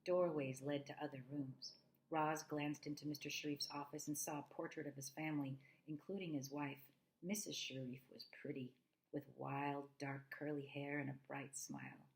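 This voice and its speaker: Low, gravelly woman reading a storybook aloud. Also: moderate pace, low-quality recording. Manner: expressive, with asides to listeners. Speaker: reader. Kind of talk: reading a children's novel aloud.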